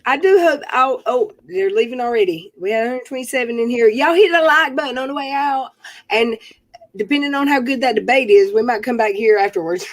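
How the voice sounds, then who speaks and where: A woman's voice: fairly high pitch, expressive, fairly quick, dry recording, rough recording. A woman hosting a livestream panel, chatting casually with rambling, self-interrupting talk and easy laughs. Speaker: livestream commentary host. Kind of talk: casual chat.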